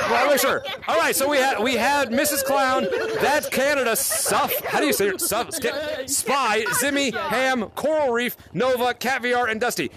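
An energetic man hosting a fan event in a VR game lobby, calling out to many players in excited casual gaming chat. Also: very high voice, very noisy. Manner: energetic, calls out often to a crowd of players. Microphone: VR headset mic. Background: many players talking over him.

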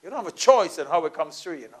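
Male pastor, middle-aged, high voice; storytelling sermon delivery with quiet asides and sudden emphatic peaks. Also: sing-song, quick pace, breathy edge. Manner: storytelling, shifts between soft asides and raised emphatic lines.

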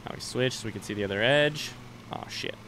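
A man's voice: fairly low pitch, fairly quick, fairly bright tone, slight background noise. Chatty, rambling male game streamer. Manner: rambling, chatty, swears casually. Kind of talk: casual gameplay chat with live viewers.

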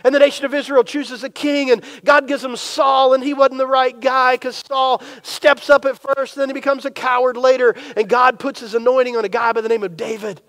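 Male pastor, very high voice, lively storytelling sermon. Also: fairly quick, hardly any pauses. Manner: storytelling, acts out imagined dialogue.

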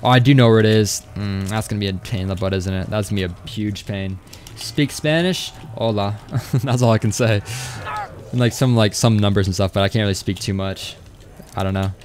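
This young streamer has a lowish, darkish voice and talks fairly quickly over slight background noise. He rambles casually through his live gaming session, reading chat aloud.

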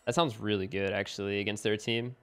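A man giving live gameplay commentary as a streamer at home, excitable and bursting into yells and laughs. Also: fairly low pitch, fairly quick, faint music behind. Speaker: gaming streamer. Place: home room with window open.

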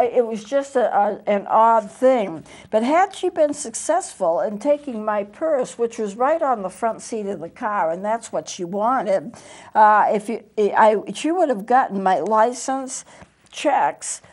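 A woman's voice: mid-range voice, darkish tone. Woman pastor telling a personal story. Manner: anecdotal, earnest, with hesitant restarts. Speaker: pastor and TV show host. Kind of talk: conversational storytelling sermon. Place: TV studio.

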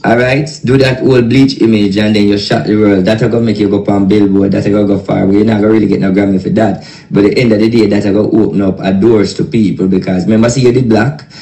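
Blunt Jamaican man, gravelly, in an echoey room. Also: lowish voice, steady tone, fast, mellow. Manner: insistent, blunt.

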